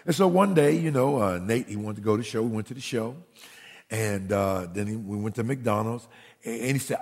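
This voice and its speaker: A man preaching as a pastor, telling stories from his own family, who grows animated and nearly shouts at times. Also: fairly low pitch, a little fast, big-room sound. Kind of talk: sermon storytelling.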